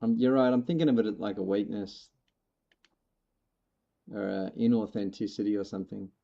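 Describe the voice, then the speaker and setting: A man chatting casually while streaming a game, musing out loud, poking fun at himself and laughing often. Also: lowish voice, moderate pace, creaky, highs cut off. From not from the local rural area. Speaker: gaming streamer. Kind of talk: casual chat while playing.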